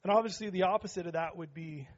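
A middle-aged man preaching a sermon as pastor in a church, joking with the congregation and building to shouts. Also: high voice, fast, dull audio. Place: church sanctuary.

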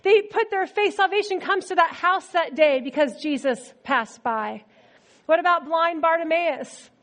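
A woman preacher giving a sermon in a conversational, animated storytelling manner. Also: extremely high pitch, unhurried.

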